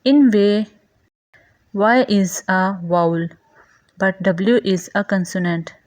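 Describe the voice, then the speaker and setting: A woman reading a scripted grammar lesson, going through definitions and lists of example words in a measured way. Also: medium pitch, dry recording. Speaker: grammar teacher.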